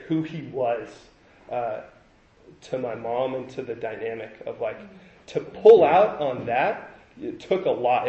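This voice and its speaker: A young adult man telling his recovery story at a meeting, halting and reflective, often restarting his sentences. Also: mid-range voice, darkish tone. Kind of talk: personal recovery share. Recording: roomy, dull lo-fi recording.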